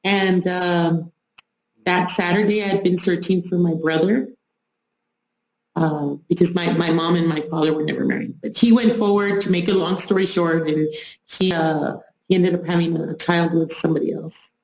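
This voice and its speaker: A woman telling a personal story in a casual, animated way, acting out the people she quotes. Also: lowish voice, moderate pace, reverberant, low-quality recording. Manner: animated, laughing, acts out quoted speech. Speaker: guest sharing a personal story.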